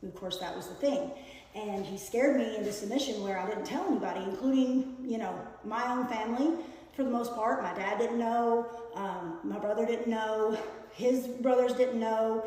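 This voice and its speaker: A woman telling a personal story in a casual storytime, earnest and hesitant, filling pauses with fillers while she paints. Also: a little high, mellow. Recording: echoey room with long reverb.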